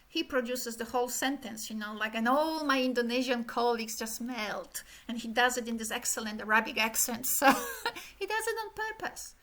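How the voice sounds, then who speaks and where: Woman, high voice, middle-aged, animated keynote lecture, rhythmic vocal demonstrations. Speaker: keynote speaker. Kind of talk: academic conference lecture.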